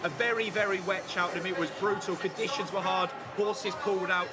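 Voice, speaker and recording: A man's voice: high voice, fairly even intonation. A male host in casual chat, bantering jokily with his guests outdoors at a racecourse. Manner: quick, jokey banter. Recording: loud crowd noise around. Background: loud crowd.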